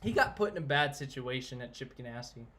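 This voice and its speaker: A man's voice: medium pitch, lively intonation, fairly quick, pushed and bright. A man chatting casually on a live stream, answering viewers and giving blunt opinions in a rambling way. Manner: rambling, opinionated, reads out chat names.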